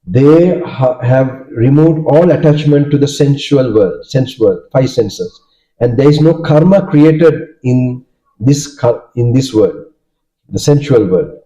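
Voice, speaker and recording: Man, Sri Lankan accent, Buddhist monk teaching, questioning manner, deep mellow tone, dull lo-fi sound. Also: takes it slowly. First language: Sinhala. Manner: checks understanding with frequent "okay?" and "right?". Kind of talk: dharma talk with questions to listeners. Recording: dull lo-fi recording.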